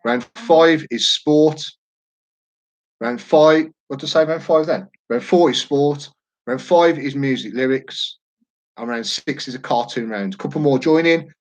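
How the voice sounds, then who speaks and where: A man's voice: on the high side, a little slow, poor audio. A man, hosting a quiz live from home in a chatty, jokey, rambling way. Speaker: quiz host. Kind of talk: casual live-stream chat.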